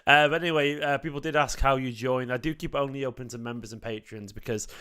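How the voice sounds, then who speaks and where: Male fan-stream host, rapid chatty delivery, mid pitch. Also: steady tone, sharp tone, clean tone. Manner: chatty, quick, bantering. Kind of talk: live-stream football chat.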